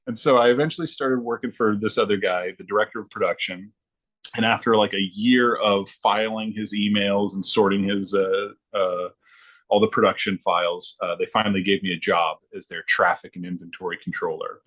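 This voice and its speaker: A man as a podcast guest, telling a long casual story with many fillers and pauses. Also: on the low side, steady tone, fairly bright tone.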